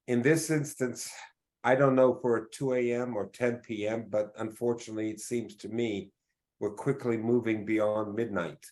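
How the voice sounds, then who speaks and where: Measured man speaking at a press conference. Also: fairly low pitch, fairly even intonation, darkish tone. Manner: measured and deliberate, with frequent filler pauses. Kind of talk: formal press conference statement.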